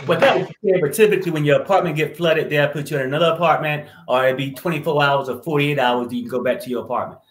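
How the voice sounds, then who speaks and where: A man's voice: a little high, fast talker, few pauses, reverberant. A man co-hosting a casual chat, giving his opinions at length and talking over the others. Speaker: co-host.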